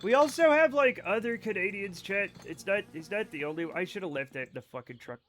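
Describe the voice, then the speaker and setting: High voiced guy streaming a game, swearing a lot and rambling at chat. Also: animated, brisk, fairly bright tone. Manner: rambling, profane, joking asides to chat. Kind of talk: casual live-stream chat with viewers.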